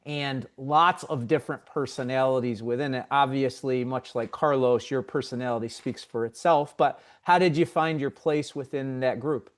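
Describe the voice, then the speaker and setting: A man hosts a video podcast and interviews a former student. He asks his questions in a steady, measured way, in a mid-pitched, even voice. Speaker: podcast host, former instructor.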